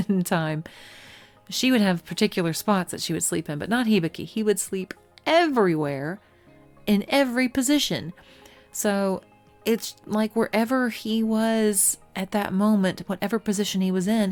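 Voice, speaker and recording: A woman with a fairly low speaking voice tells anecdotes in a relaxed, animated way. She laughs often and jumps up in pitch when she acts out what she said. Faint music plays underneath. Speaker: pyrography artist and video host. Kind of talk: casual storytelling vlog.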